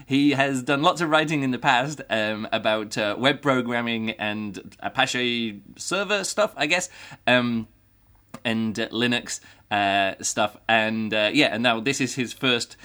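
A man hosting a casual solo book podcast, rambling with lots of fillers and bursting into animated exclamations. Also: medium pitch, unhurried. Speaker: podcast host reviewing a book.

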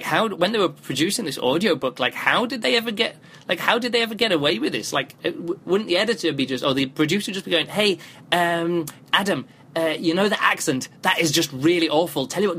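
Male podcast host, slightly higher voice, loose rambling review style, phone mic. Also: a bit bright, a little hiss or hum. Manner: rambling, thinks aloud, frequent restarts. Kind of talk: casual spoken review.

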